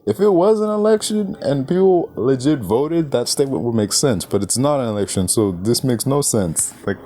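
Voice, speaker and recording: A man's voice: medium pitch, expressive, normal speed, dark tone. A man reviewing a movie in an exasperated, incredulous rant, swearing often and firing off questions. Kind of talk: ranting film review.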